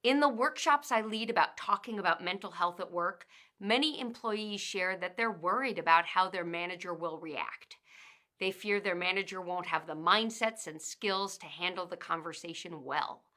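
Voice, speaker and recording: A woman delivers workplace guidance in a crisp, bright voice. She speaks with a trainer's measured pacing and steps through her points one by one in instructional narration. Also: fairly low pitch. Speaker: workplace communication trainer and author.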